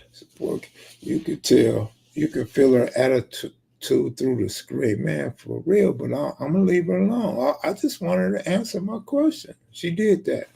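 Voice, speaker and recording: Man, live streamer, reads chat aloud, banters and cusses, deep-set gravelly rasp, husky. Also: mellow. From California. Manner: reads viewer comments aloud and banters back, profane and joking.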